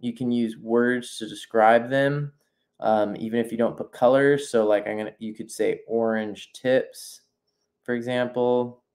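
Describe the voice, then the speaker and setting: Unhurried and medium-pitched, a nature journaling instructor narrates a casual live painting demonstration. He often drops a thought midway and begins again, thinking aloud, while his friendly, encouraging tone invites viewers to sketch with him.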